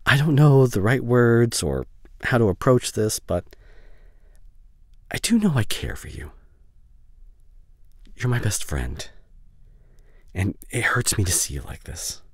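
A man voicing a caring young male best friend in a whispered role-play, speaking softly and haltingly with emotional reassurance. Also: medium pitch, big pitch swings, breathy edge, no room sound, studio quality, full character voice. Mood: gentle. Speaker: ASMR voice actor. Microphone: studio condenser mic.

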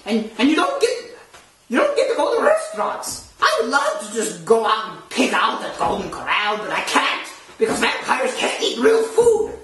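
A woman's voice: a bit bright, full character voice. Woman doing a grouchy old vampire count hosting a horror show, voice swooping all over the place, sarcastic, sounds far from the mic. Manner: exasperated, sarcastic, wildly swinging pitch. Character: centuries-old vampire count, grumpy and theatrical. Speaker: host of a horror review show. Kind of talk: comic in-character rant. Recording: very echoey room, distant mic, faint noise.

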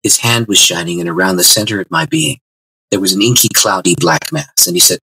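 A man, a guest author, telling his faith testimony in an interview with animated delivery and frequent restarts. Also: sits low, fairly quick, vocal fry, slightly rough, no room sound, low-quality recording. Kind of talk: interview storytelling.

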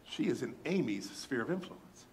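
A man's voice: mid-range voice, normal speed, slight background noise. A male pastor telling a personal story in a sermon, chatty and speaking straight to the congregation, acting out what people said. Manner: animated, acts out quoted dialogue; chatty, addresses congregation directly.

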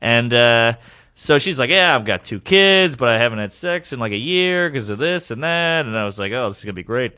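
A man's voice: mid-range voice, brisk, smooth. A man, a guest comedian, telling a comic story on a podcast and acting out the quoted lines in different voices. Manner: animated, acts out quoted lines in varied voices.

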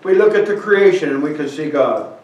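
A man's voice: a little high, animated, brisk, a little mellow, muffled recording. A man preaching a sermon, reading scripture aloud and asking the congregation questions. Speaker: pastor. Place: church sanctuary. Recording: echoey church hall, from far off.

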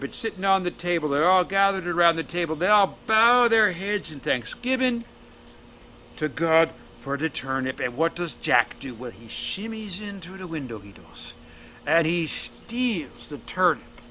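A man spinning a folk tale for an audience, folksy and full of jokey asides. His voice sits high, bright and sharp, and faint ambience hangs behind him. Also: slight background noise. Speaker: storyteller.

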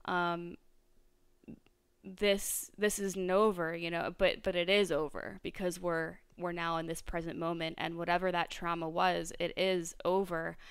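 A young adult woman hosts her own podcast alone, musing aloud and circling back on her thoughts with plenty of fillers. Her voice is very smooth and clean, pitched a little low and held fairly level. It is recorded close and dry, with no room sound. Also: little pitch movement, a little slow, no echo. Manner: reflective, rambling, many fillers and restarts. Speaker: podcast host. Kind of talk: solo podcast monologue.

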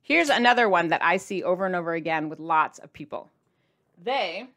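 Chatty playful woman vlogger. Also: fairly bright tone. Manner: chatty and playful, jumps in pitch for emphasis. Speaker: diet vlogger addressing viewers. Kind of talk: casual to-camera vlog.

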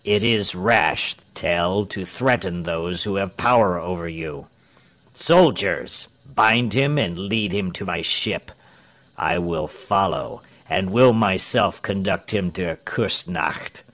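A man's voice: low-pitched, slow pace, a bit bright, dry recording, heavily acted. A man voicing a stern, cold tyrant governor. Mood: cold, commanding.

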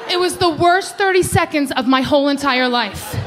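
A woman in her thirties performing a brash, animated stand-up comedy set on a club stage, acting out loud quoted voices. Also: high-pitched, a little fast, a loud crowd, heavy background noise.

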